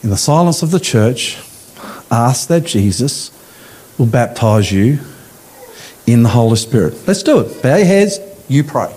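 A man preaching a sermon in a church, with slow, emphatic phrasing that rises and falls. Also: big pitch swings, a little mellow, slightly rough. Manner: emphatic preaching, slow deliberate phrasing with rising and falling pitch. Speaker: pastor.

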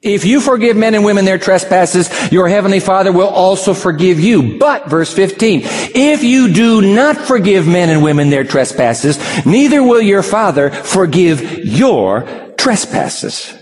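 Animated preacher in a hall. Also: male voice, high voice, unhurried. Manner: dramatic, acts out voices of God and Peter. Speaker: pastor. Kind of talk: sermon.

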